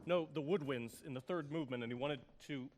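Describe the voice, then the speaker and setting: An actor playing a fussy, uptight young musician in a stage musical, huffing indignantly and scolding. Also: male voice, medium pitch, quick pace, a little mellow, a little hiss or hum, natural voice. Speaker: conductor's assistant. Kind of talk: musical theater stage dialogue.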